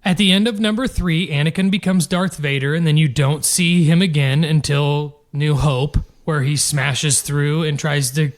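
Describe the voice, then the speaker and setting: Male podcast co-host, higher voice, loose casual chat, long explanations. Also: fairly even intonation, normal speed, hardly any pauses. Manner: explains at length, casual swearing.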